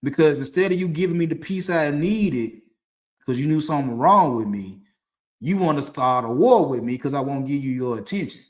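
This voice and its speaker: A man's voice: a little high, lively intonation, normal speed. Man telling a story in a loose, rambling way. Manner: loose, conversational, with frequent restarts and laughs. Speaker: podcast host. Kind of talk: casual storytelling to camera. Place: dim room indoors. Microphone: streaming setup mic.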